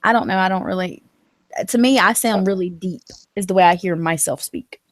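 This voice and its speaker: A chatty Southern woman co-hosting a live stream, heard close and dry with no room sound. She gets animated when she acts out what other people said to her. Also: lowish voice, a little fast, dry recording. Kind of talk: casual live-stream chat.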